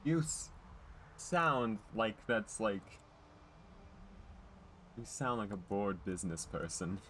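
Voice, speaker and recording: Man, live game streamer, excitable, swears, very lively pitch, loud high outbursts. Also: takes it slowly, a little hiss or hum. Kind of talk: live gameplay commentary.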